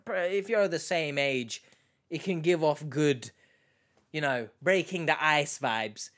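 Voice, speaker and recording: A man with a fairly high voice talks slowly through a reaction video, chatting casually to his audience. He rambles, restarts his sentences and keeps turning to his viewers with questions. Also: a bit bright. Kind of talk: casual commentary to camera.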